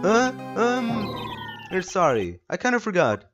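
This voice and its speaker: A man puts on a goofy adult buddy in a high, springy voice that bounces eagerly from note to note. He is excitable and a little clueless, with game music playing behind him. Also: unhurried, dull audio, exaggerated voice. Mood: flustered. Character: naive adult man, loud goofy friend.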